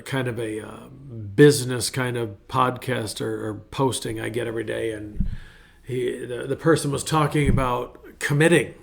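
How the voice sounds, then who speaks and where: A man's voice: mid-range voice, creaky. A middle-aged male pastor giving a casual, rambling devotional talk in a folksy way. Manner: rambling, folksy, self-interrupting.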